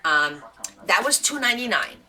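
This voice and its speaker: A chatty woman hosting a live craft stream, showing off her finds with gushing enthusiasm. Her voice is bright and a little sharp, and her pitch leaps high and low as she talks. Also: sing-song, moderate pace. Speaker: craft channel host. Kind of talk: casual live show-and-tell.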